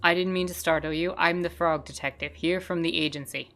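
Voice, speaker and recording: A woman reading a deadpan frog detective. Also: fairly low pitch, a little fast, faint music behind, voice pushed down.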